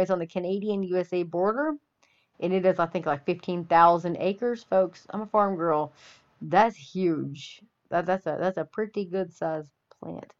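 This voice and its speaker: A woman from the Texas Panhandle, hosting an opinionated monologue with a folksy, preachy and emphatic delivery. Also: medium pitch. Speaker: podcast host. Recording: dull lo-fi audio.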